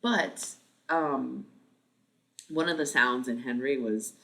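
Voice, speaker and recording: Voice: medium pitch, slow, vocal fry, bright, forceful tone. A livestream host in their thirties, chatting casually with viewers, rambling, swearing freely and laughing often.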